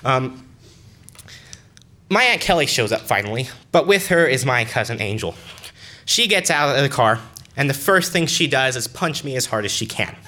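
A young man telling a personal story to an audience in an earnest, conversational, halting way. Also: mid-range voice, animated, pushed and bright.

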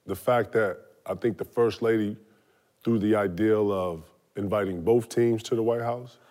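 A man's voice: lowish voice, steady tone, normal speed, mellow. A man in his forties co-hosting a casual sports talk show, laid-back and full of slang, sticking stubbornly to his opinions. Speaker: podcast co-host.

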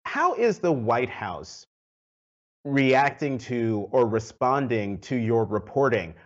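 A man's voice: medium pitch, lively intonation, takes it slowly. Male interview host, conversational, laughs easily, muffled lo-fi remote audio. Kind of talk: hosting a news interview.

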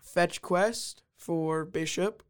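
A young man with a fairly high voice who sounds stuffed up and sniffly. He chats casually with his father, playfully mocking him and getting a bit flustered when put on the spot. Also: clean tone. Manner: playful, quick to mock, flustered. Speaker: podcast co-host, son. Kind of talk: casual chat about movies and TV.

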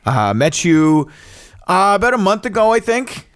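A man's voice: high voice, very animated, unhurried, clear, resonant tone, no echo, studio quality. A Canadian man hosting a podcast, chatting casually and joking with his guest. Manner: joking, rambling with fillers. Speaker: podcast host. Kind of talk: casual interview chat.

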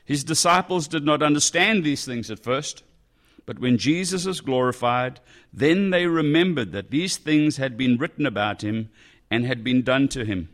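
A man preaching a sermon in a conversational, animated way, breaking into exclamations as he reads and explains a passage. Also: mid-range voice, normal speed. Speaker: pastor.

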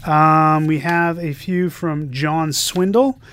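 This male co-host's voice sits a little high and sounds fairly bright, with a steady tone and an unhurried pace. Chatting casually on the podcast, he jokes his way through listener messages, reading the quotes with playful emphasis.

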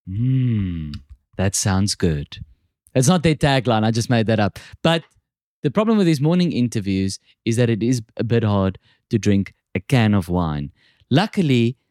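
A man's voice: medium pitch, a little mellow, no echo, clean studio sound. A man with a South African accent hosting a podcast, joking and rambling in casual chat. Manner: joking, rambling, self-deprecating. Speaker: podcast host.

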